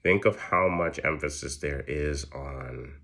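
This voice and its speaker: A man's voice: very deep voice, a little slow. A man giving a casual astrology chart reading, profane and slangy. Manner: profane, slangy, animated storytelling. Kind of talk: casual solo explainer.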